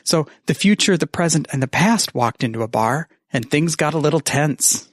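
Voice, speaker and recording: A man recording a message for a friend, reading bad puns in a deadpan, self-mocking way and swearing casually. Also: on the high side, moderate pace, no echo, studio quality. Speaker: podcaster sending a message. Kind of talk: recorded message, joking monologue.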